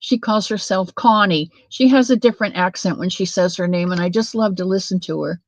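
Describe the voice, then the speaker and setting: A woman's voice: on the low side, a little fast, few pauses, no echo, highs cut off. A woman hosting a casual crochet livestream, chatting to viewers by name and drifting off onto side stories. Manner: chatty, addresses viewers by name, wanders off-topic. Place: home craft room.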